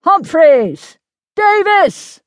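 A woman voicing a commanding male army major in battle, bellowing urgent, gruff orders in an audiobook. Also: very high voice, very animated, extremely slow, dry recording, clean studio sound, voice pushed up, exaggerated voice. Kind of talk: audiobook character voice.

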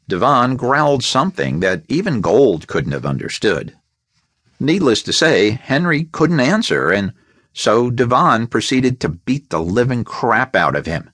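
A man narrating a crime thriller audiobook in a measured, expressive way, on a close studio mic. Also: medium pitch, dry recording.

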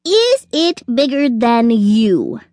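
A thoughtful little chick, played by a woman narrator speaks gently and patiently. The voice is light and lilting, and the pace is unhurried. It is close-miked and dry. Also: fairly high pitch, sing-song, no room sound.

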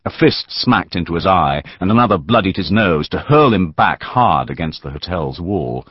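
A male audiobook narrator with a very deep, slightly husky voice, telling the story in a measured, dramatic way. His intonation rises and falls in lively swings. The close, dry recording sounds dull and lo-fi. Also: dry recording. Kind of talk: scripted narration of a historical novel.

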